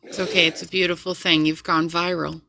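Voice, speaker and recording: Bright, easygoing woman co-host. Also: fairly low pitch, flat delivery, brisk, vocal fry, dry recording. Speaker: stream co-host and moderator. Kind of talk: casual chat on a live stream.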